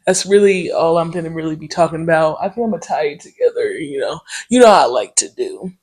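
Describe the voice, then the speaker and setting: A woman hosts her own podcast in a relaxed solo monologue. She tells stories in a loose, slangy and profane way. Her delivery is animated, with quick asides and filler words such as "um" and "okay?". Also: deep voice, breathy edge. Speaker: podcast host. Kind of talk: casual solo podcast storytelling.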